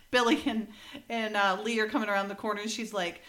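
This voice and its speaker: A woman's voice: mid-range voice, steady tone, quick pace, fairly bright tone. Woman podcaster going over an episode, reads bits of the script, laughs a lot. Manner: retells scenes, reads script lines aloud, laughs often. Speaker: podcast co-host. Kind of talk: casual episode recap chat.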